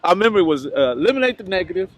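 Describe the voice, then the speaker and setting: A man hosting an interview, recalling things in a halting way and searching for his words. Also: high voice, sing-song. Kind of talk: casual interview chat.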